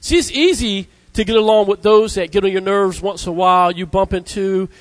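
A man preaching a sermon, emphatic, repeating key words and reading scripture slowly. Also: no room sound, poor audio. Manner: emphatic, repeats words, rises in pitch for stress; reads scripture slowly in old-fashioned wording.

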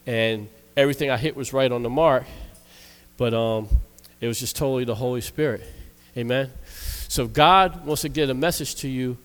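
A man, a church minister, preaching a sermon that tells a personal story in a lively way, voicing the quoted lines. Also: fairly high pitch. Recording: long reverb of a church hall.

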